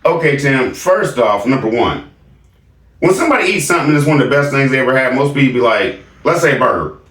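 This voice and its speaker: A man's voice: medium pitch, lively intonation, quick pace, fairly bright tone. A male vlog host giving sarcastic, laughing reaction commentary. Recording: echoey room, distant mic.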